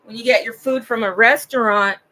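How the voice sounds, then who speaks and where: A woman at home giving a rambling, digressive livestream monologue, talking slowly and drawing out her words. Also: a little high, fairly even intonation, sharp tone, poor audio. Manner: slow, digressive and drawn out.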